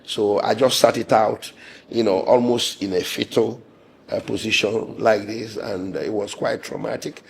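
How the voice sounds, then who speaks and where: A man with a hoarse, gravelly voice recounts his account in an interview. He speaks in a low register, measured and indignant, pausing often with fillers. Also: steady tone, a little hiss or hum. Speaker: lawyer and interviewee.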